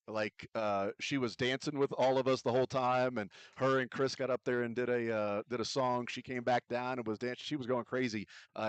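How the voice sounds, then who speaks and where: A man's voice: medium pitch, no room sound. A man hosting a sports radio show, telling a story in a casual, rambling way with lots of "uh" and "um" fillers, recorded on a studio microphone.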